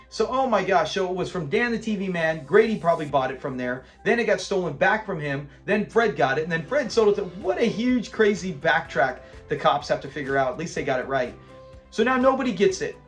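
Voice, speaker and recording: A man hosting his own channel, giving a casual recap of a sitcom episode, chatty and animated, acting out the characters' lines. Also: a little high. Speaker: channel host.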